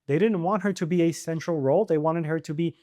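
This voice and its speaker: A man hosting his own channel, giving casual opinion commentary to camera, animated and firing off exasperated rhetorical questions. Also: fairly high pitch, fast. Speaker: video essay host.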